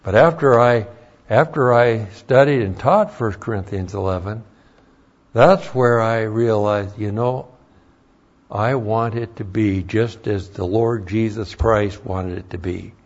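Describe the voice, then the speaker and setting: A man teaching a Bible class as a pastor, deliberate and emphatic, pressing on key words in sermon style. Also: lowish voice, dull audio.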